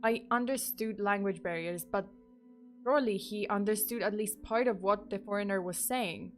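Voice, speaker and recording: A woman's voice: medium pitch, normal speed, soft background music. Giggly woman telling horror stories. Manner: giggly, breaks off into rambling asides. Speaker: streamer and storyteller. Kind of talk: live-streamed horror story reading.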